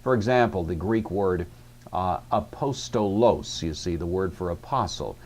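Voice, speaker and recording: A man's voice: sits low, normal speed, a little mellow, slight background noise. A man teaching a language class, explaining grammar rules patiently and with frequent filler words. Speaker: Greek teacher. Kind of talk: recorded classroom lecture.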